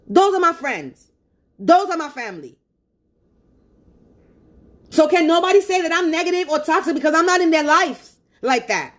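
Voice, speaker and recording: A woman's voice: very high-pitched, fairly bright tone. A woman on a phone livestream, venting angrily in a profane, repetitive rant. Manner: angry, profane and repetitive ranting.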